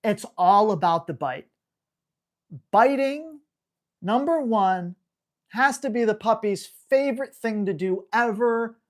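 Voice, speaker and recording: A man's voice: high voice, animated, takes it slowly, long pauses. A man hosting a live dog-training Q&A, talking bluntly and hammering home key words. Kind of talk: live Q&A stream.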